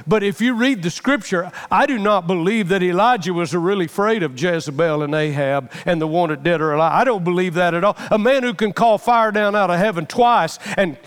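A man's voice: high voice, big-room sound. A middle-aged man preaching a sermon with passion, repeating phrases for emphasis. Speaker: pastor.

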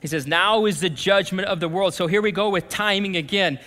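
A man preaching a sermon as pastor, talking in a conversational way that swings from lively to hushed. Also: high voice, brisk. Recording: long reverb of a church hall.

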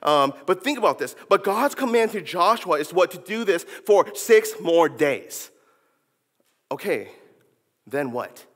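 A preacher delivers a lively sermon in a high voice, speaking a little slowly. He acts out the story's characters in casual slang, and the long reverb of a church hall rings around him.

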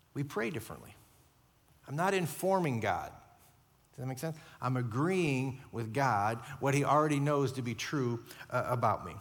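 A man delivers a sermon as pastor in an earnest, conversational way, often checking in with the room. His voice sits at an ordinary middle pitch for a man. The sound carries a long reverb from a large church hall. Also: fairly bright tone. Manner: earnest, conversational preaching with repeated "right?".

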